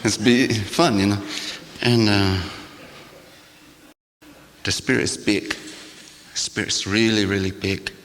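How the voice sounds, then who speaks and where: An older man, a shaman, giving a sermon-like talk to a gathering in a church, with a rhythmic, repetitive cadence that swings from loud to hushed and wry, laughing asides. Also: lowish voice, fairly even intonation, takes it slowly, pauses often, a little hiss or hum. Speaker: shaman speaker. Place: church hall. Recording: long hall reverb.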